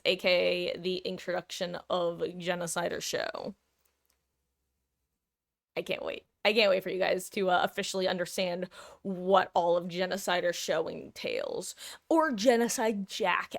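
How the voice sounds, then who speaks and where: A woman's voice: lowish voice, creaky, a bit bright. A woman streaming live, chatting casually with her viewers in a rambling, self-interrupting way and laughing often.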